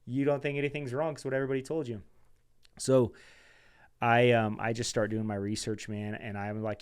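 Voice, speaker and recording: A man as a podcast guest telling a personal story in a casual, animated way. He talks loosely and calls his listener "dude" and "man". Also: medium pitch, a little fast. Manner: chatty and animated, says "dude" and "man", acts out quoted dialogue.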